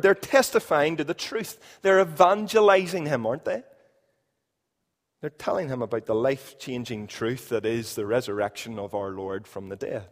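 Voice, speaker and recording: A man preaching a sermon in a church, emphatic, repeating key phrases and swinging between loud and quiet. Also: fairly high pitch, expressive, normal speed, big-room sound. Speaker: pastor.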